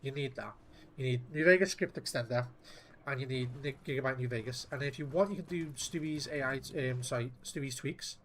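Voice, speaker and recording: A man's voice: mid-range voice, brisk, fairly bright tone, slight background noise. A man giving casual gameplay commentary, muttering to himself in an offhand and profane way. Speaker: gameplay streamer.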